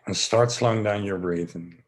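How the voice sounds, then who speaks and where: A man from the Netherlands leading a guided breathing session, giving slow, soothing instructions with some relaxed, rambling asides. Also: on the low side. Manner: relaxed, rambling, self-joking.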